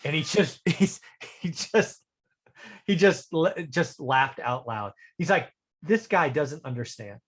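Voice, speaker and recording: A man's voice: fairly high pitch, animated, takes it slowly. A man hosting a podcast, chatting and joking as he tells stories about investing. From Fresno, California. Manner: joking, conversational storyteller. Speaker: podcast host. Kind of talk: casual podcast chat.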